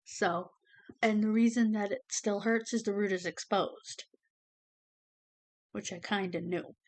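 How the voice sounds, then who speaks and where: A woman's voice: mid-range voice, steady tone, measured pace, a little mellow. A woman giving a casual personal update to her camera, rambling with many fillers and emotional, close to tears at times. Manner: many fillers like "you know" and "um". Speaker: vlogger. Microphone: camera facing the speaker.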